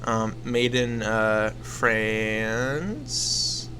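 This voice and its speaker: Young dude, slow and halting, lots of ums, light hiss behind. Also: male voice, lowish voice, bright, forceful tone. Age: young adult. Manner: slow, hesitant, full of ums. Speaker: podcast co-host. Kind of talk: casual comedic film chat.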